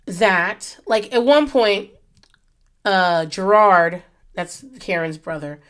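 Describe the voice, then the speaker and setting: A woman in her thirties hosting a solo podcast, talking casually into her mic, swearing freely and drifting off on tangents. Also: lowish voice. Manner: rambling, profane, goes off on tangents. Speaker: podcast host. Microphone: podcast microphone.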